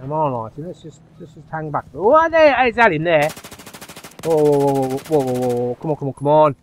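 A fairly high-voiced man talks his way through an online shooter match as he plays. He murmurs plans under his breath, then bursts into loud, excited yelps. A faint hiss sits under the voice. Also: fairly quick. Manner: excitable, swings from low muttering to loud yelps. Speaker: gaming YouTuber. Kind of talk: live gameplay commentary.

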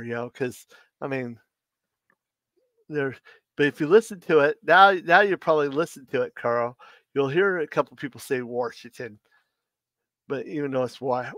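A man hosting a casual livestream, chatting in a rambling, halting way with many restarts, who says Washington with an R in it. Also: fairly high pitch, dry recording. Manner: puts an R in Washington. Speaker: livestream host.

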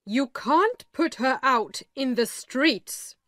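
A woman reading as a grave, measured lawyer. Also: high voice, animated, a bit bright, no echo, studio quality, voice pushed up, exaggerated voice. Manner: slow, measured, matter-of-fact. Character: calm, grave male lawyer. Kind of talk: storybook reading.

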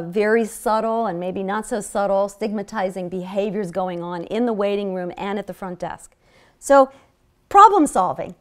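A woman with a mid-range, darkish voice shares clinic stories during a public health seminar lecture. Her delivery is earnest, with many restarts along the way.

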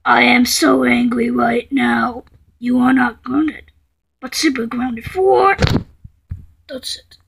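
A woman voicing a quick-tempered female computer error that scolds the user, threatening and stammering as she goes. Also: high voice, lively intonation, creaky, slightly rough, heavily acted. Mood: angry scolding.

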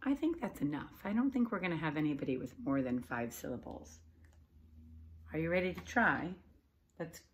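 A woman teacher giving a video lesson to young children in a sing-song, animated way. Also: low voice, a little hiss or hum.

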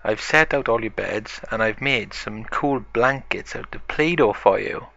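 A man's voice: lowish voice, measured pace, creaky, sharp tone, lo-fi sound, exaggerated voice. A man voicing a cheerful mother pig in a toy-play story.

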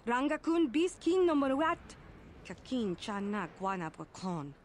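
An actress voicing a female alien droid seller who speaks a steady alien language. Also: a little high, a little slow, a little hiss or hum.

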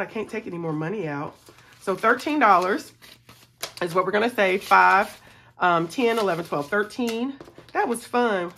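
Bright-voiced, chatty woman. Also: mid-range voice, a little hiss or hum. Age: middle-aged. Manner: chatty, excitable, talks to viewers as y'all. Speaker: budgeting vlogger. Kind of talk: casual savings challenge vlog.

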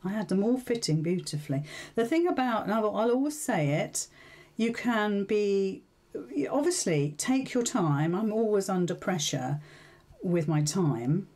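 A woman's voice: medium pitch, expressive, unhurried, warm tone. A woman hosting a live sewing tutorial, chatting casually, thinking aloud and asking her viewers questions.

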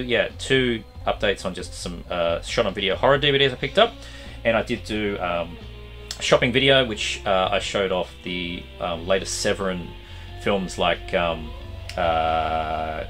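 A man hosting a casual collection update vlog, his voice going hoarse, rambling with lots of fillers. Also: low-pitched. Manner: rambling, animated, trailing fillers.

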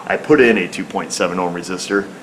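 Guy at a repair shop walking thru a car fix step by step, lowish voice, car running in the background. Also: fast, a little hiss or hum, low-quality recording. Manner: plain-spoken, explains step by step while working. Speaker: auto repair technician. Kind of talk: hands-on repair demonstration.

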